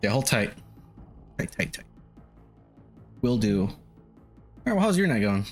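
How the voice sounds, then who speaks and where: A man's voice: fairly low pitch, sing-song, a little slow. A man chatting casually on a live stream, loose and profane, often chuckling as he sets up a game at home. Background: faint lo-fi music.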